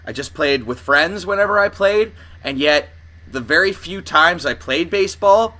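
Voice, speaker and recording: Brief: bright, chatty guy telling stories on a comedy podcast. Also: a little high, expressive, normal speed. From Canada. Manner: rambling, with frequent "uh" and laughter. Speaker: podcast co-host. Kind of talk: casual chat.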